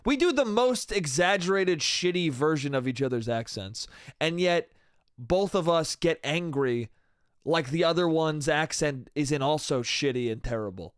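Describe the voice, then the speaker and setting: A man's voice: a little high, expressive, unhurried, clean tone, no echo, clean studio sound. A young man hosting a solo comedy podcast, rambling loosely and profanely, calling everyone "dude" and "bro". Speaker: podcast host.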